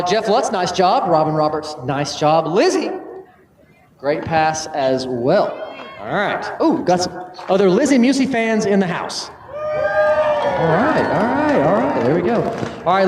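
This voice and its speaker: A man, casually hosting a drag racing livestream, joking and chatty with loose fillers. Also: sits high. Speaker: livestream host. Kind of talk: casual live event hosting. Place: outdoor drag strip. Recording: echoey outdoor track with crowd. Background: crowd at a race track.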